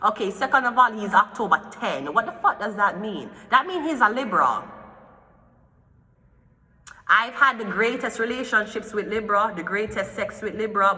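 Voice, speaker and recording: Heated woman, tarot reader, profane rant, bright tone, echoey room. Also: mid-range voice. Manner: profane, heated, swearing often. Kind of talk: ranting gossip commentary.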